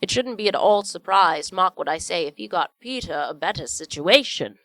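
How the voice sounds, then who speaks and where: A woman's voice: on the low side, lively intonation, moderate pace, fairly bright tone, dry recording. A woman reading aloud, voicing a humble, kindly father who speaks earnestly and tenderly to his family. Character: kindly humble father, gentle and warm-hearted.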